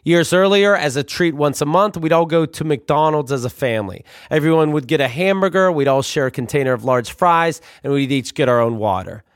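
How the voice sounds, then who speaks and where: A young man telling comic stories about his youth in a wry, deadpan manner. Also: fairly high pitch, fairly quick, hardly any pauses, smooth, no room sound, clean studio sound. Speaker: storyteller. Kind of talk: comic storytelling.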